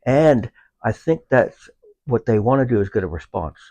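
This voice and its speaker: A man speaking as a veteran guest in a casual conversation about his service dog, pausing often with fillers as he talks. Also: mid-range voice, expressive, a little mellow, no room sound, muffled recording. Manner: halting, unhurried, with many filler pauses.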